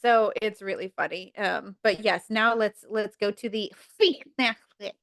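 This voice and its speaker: A woman's voice: mid-range voice, measured pace, vocal fry, fairly bright tone, no echo. A woman guest on a podcast, animatedly retelling scenes and acting out the quotes in voices. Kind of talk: casual chat.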